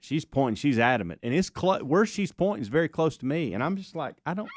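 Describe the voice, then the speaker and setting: Animated man telling a story. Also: on the high side, fast talker, hardly any pauses, no room sound. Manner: rambling, animated storyteller with restarts. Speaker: radio show co-host. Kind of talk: casual storytelling on a radio talk show.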